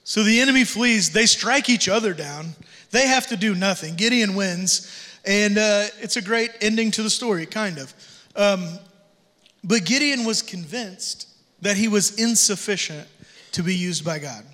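Opening on a long reverb tail, the recording catches a man preaching from a church sanctuary stage. He's a laid-back, joking pastor who tosses in slang, and his high voice sounds bright and sharp. He keeps a measured pace through the sermon.

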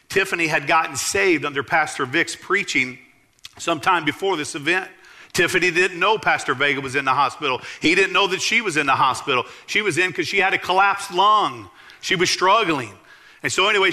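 A man preaches a sermon as a story, pitched high, with a very bright, cutting tone. He speaks in an animated way and builds to excited exclamations.

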